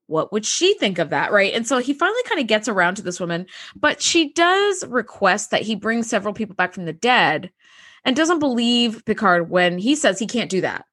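A woman's voice: medium pitch, big pitch swings, moderate pace, fairly bright tone. A woman co-hosting a casual chat about a TV episode, swearing freely and acting out characters in quoted voices. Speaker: podcast co-host.

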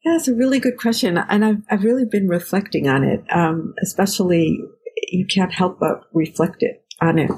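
A woman's voice: fairly low pitch, moderate pace, a little mellow, husky, poor audio. A woman guest, a researcher, answering interview questions in a thoughtful, explanatory way with examples.

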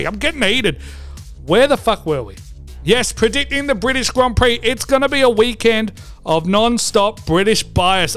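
Brash, high-voiced man hosting a comedy vlog. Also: fairly bright tone. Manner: brash, profane and theatrical. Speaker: host. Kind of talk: comedic motor racing preview vlog.

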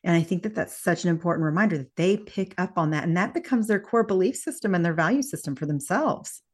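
A woman's voice: on the low side, lively intonation, fast, a little mellow. Affirming woman podcast host. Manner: encouraging, frequent affirmations and laughs. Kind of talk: podcast interview.

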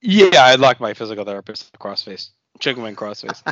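A man's voice: lowish voice, sing-song, brisk, fairly bright tone, no room sound, lo-fi sound. A man co-hosting a podcast in casual chat, enthusiastic and rambling. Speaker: podcast co-host.

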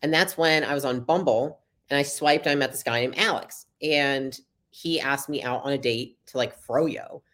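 A woman's voice: a bass voice, fairly bright tone. A young adult woman, a podcast guest, telling her story in a casual, chatty interview and acting out the dialogue. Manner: fast, chatty, acts out quoted dialogue.

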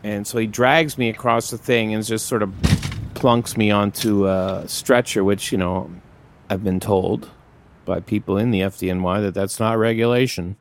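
A man's voice: fairly even intonation, moderate pace, slight background noise. A man casually telling a personal story in a candid, profane, wry way, acting out the people in it. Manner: acts out quoted dialogue with raised pitch. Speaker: storyteller recounting a personal accident.

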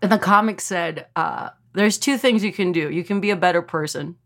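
A woman from Texas, a comedian telling a story in casual podcast chat, animated and full of fillers, acting out quotes. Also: lowish voice, moderate pace. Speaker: comedian guest.

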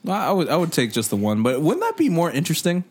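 A man's voice: on the high side, wildly swooping pitch, fast, a little mellow, husky. A young man co-hosting a podcast, joking and teasing in casual chat and retelling a comedy bit with impressions. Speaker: podcast co-host.

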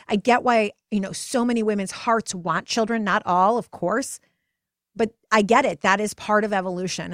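A pregnant woman in her forties hosting a podcast, telling a personal story in an earnest, emotional way, her voice climbing higher when she gets passionate. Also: a bit bright, no room sound, clean studio sound. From United States. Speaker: podcast host.

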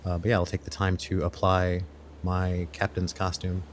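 A man with a low voice plays a tabletop horror game. He talks through each of his character's actions step by step in a deliberate, thinking-aloud way. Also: completely flat delivery, slight background noise. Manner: deliberate, plans his character's moves out loud. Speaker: player.

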